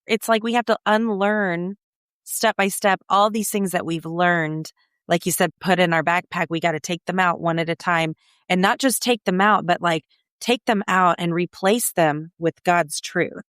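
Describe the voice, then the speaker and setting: A woman's voice: on the low side, steady tone, moderate pace, a bit bright, no room sound, clean studio sound. A woman hosting a podcast interview, speaking in an earnest, reflective and encouraging way. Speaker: podcast host.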